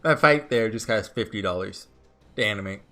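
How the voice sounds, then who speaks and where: A man's voice: fairly low pitch, brisk, pushed and bright, soft background music. A man giving chatty let's-play commentary, thinking aloud as he plays. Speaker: gamer.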